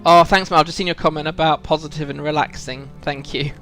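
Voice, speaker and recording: A man's voice: fairly high pitch, steady tone, fast, a bit bright, faint music behind. A British man streaming a video game, chatting reflectively with viewers, full of ums and restarts. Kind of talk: casual live-stream chat while playing.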